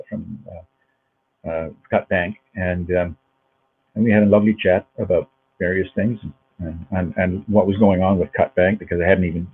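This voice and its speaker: Husky-voiced man on a phone line. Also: low voice. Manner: rambling, repeats words, warm anecdotal tone. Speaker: guest actor. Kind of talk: casual interview storytelling.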